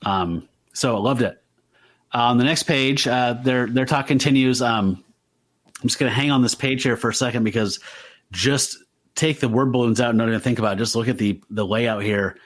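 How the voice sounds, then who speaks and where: A man's voice: medium pitch, moderate pace, a bit bright. A man co-hosting a podcast, talking enthusiastically about comic art in a casual, rambling way with lots of fillers. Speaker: podcast co-host. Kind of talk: casual comic-book discussion.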